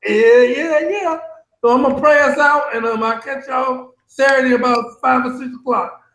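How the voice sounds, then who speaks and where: A man's voice: very high voice, fairly even intonation, moderate pace, a bit bright, roomy sound, poor audio. A male livestream host who rambles casually and breaks into improvised freestyle singing. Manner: loose, rambling, sings in a freestyle way.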